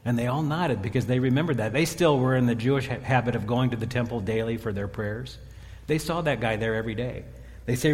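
A man preaching in a reverberant hall, his mid-range voice ringing out with a long tail of echo. He retells a Bible story with lively acted character voices, rising higher and louder at the exciting moments. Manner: animated storytelling, voicing biblical characters. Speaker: pastor. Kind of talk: sermon.

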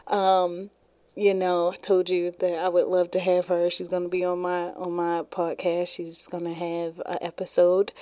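A woman's voice: lowish voice, dark tone, no echo. Woman, podcast host, casual chat, laughs a lot, dry close sound. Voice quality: chatty, laughs often.

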